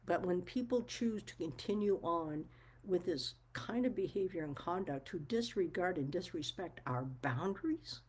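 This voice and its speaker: A woman speaks candidly to her viewers in a casual monologue. Her voice sits low and mellow, with a husky edge. She is blunt and emphatic and curses freely as she makes her case. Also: low-quality recording. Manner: blunt, frank, swears freely; firm and emphatic. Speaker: vlogger.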